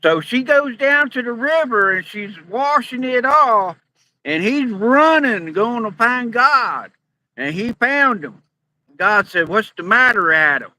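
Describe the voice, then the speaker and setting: A man telling a long joke in an earnest, deadpan drawl. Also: very high voice, takes it slowly, a little hiss or hum, poor audio.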